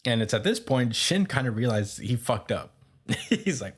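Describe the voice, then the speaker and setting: A man's voice: mid-range voice, big pitch swings, normal speed, breathy edge. A man hosting a podcast, casually recapping a comic's plot with many fillers, stumbles and chuckles. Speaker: podcast host.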